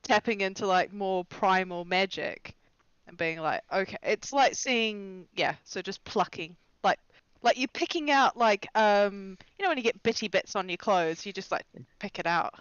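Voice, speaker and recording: Woman in a tabletop game on a call, says like a lot, smooth voice, dry muffled sound. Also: mid-range voice, moderate pace, fairly bright tone, no room sound. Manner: explaining with lots of filler "like". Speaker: player. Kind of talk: casual chat.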